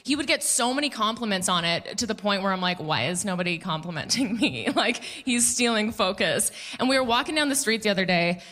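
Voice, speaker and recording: A woman's voice: mid-range voice, a bit bright. A woman performing a stand-up comedy set, chatty and sarcastic, often laughing at her own jokes. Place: comedy club stage before a live audience.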